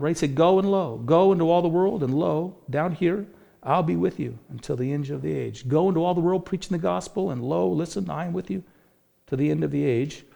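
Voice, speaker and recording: A man's voice: on the high side, gravelly, mellow. A man preaching a sermon as pastor, earnest and rising to fervent peaks. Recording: hall reverb.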